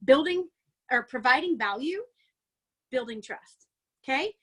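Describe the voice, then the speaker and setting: A woman coaching her sales team in a chatty, excitable motivational talk, a little out of breath, peppering it with "like" and "right?". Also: sits high, a little slow, breathy edge. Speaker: network marketing team coach. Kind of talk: energetic motivational training talk.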